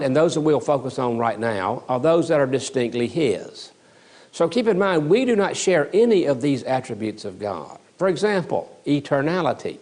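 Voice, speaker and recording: A man's voice: a little high, darkish tone. A man giving a recorded theology lecture as a seminary teacher, emphatic and repeating key words for stress.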